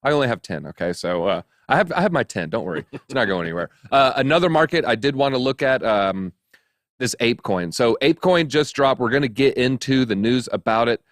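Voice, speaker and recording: A man's voice: mid-range voice, lively intonation, brisk, dry recording. A man hosts a crypto news show in a loose, joking, rambling way, full of fillers and asides. His voice sits mid-range and sounds dry and close to the mic, with no room around it. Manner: chatty, jokey, rambling with many fillers. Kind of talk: casual chat.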